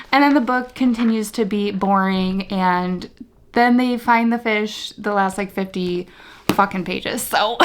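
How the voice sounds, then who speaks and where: A woman's voice: mid-range voice, slow. A woman, reviewing a book in casual vlog chat, sarcastic and exasperated, laughing as she rants. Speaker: book vlogger.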